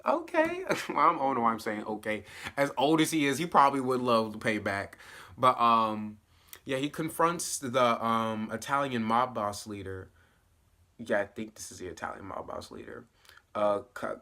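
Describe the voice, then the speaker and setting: A man giving a casual spoiler recap of a TV episode, animated, with laughing asides and acted-out quoted lines. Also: mid-range voice. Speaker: TV show reviewer.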